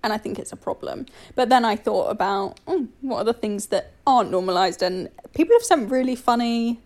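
A young woman co-hosting a podcast, playful and quick to laugh. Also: a little high, lively intonation, darkish tone. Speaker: podcast co-host. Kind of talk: casual chat.

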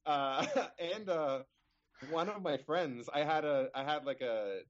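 A man's voice: fairly high pitch, a little slow. A young man on a podcast, telling a rambling story in casual chat with lots of fillers and restarts. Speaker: podcast co-host. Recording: slightly dull lo-fi sound.

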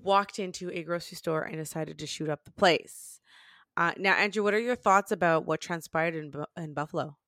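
A woman's voice: fairly low pitch, a little fast, fairly bright tone, no room sound, clean studio sound. A woman hosting a podcast in a casual, upbeat way, often restarting her sentences. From Canada. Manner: upbeat and chatty, with frequent restarts. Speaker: podcast host.

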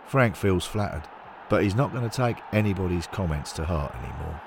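Man, narrator, deep voice, lively intonation, measured scripted storytelling. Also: gravelly, background noise.

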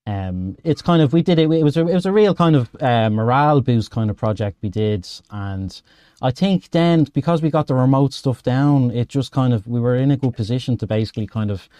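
A man's voice: mid-range voice, animated, brisk, mellow, dry recording. A man with a Dublin Irish accent, a podcast guest chatting casually and rambling a little as he explains his outreach project. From Ireland. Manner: friendly, rambling with restarts. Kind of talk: casual interview chat.

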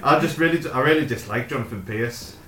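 A man's voice: mid-range voice, brisk, a bit bright, soft background music. A man co-hosting a casual football podcast, giving blunt, plain-spoken opinions. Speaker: podcast co-host. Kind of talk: casual chat. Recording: echoey room.

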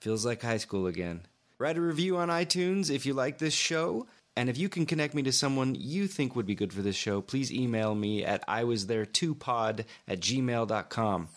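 An easygoing man who hosts a podcast, with a voice at an everyday middle pitch. He chats casually with his guest and slips in small jokes. His delivery stays relaxed and conversational. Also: moderate pace. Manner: easygoing, chatty, jokey. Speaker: podcast host. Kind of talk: casual interview and outro.

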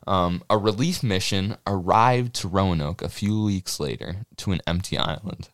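A young man with a low voice tells a history story on a podcast, joking, swearing casually and laughing often. The sound is dry and close to the mic. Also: normal speed, a bit bright, no room sound. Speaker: podcast co-host.

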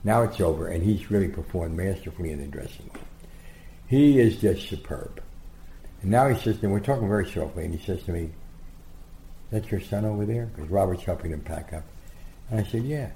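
A man being interviewed as a guest, telling rambling, animated anecdotes and acting out the quotes. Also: deep voice, a little fast, vocal fry, a little hiss or hum. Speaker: guest storyteller. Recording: roomy echo.

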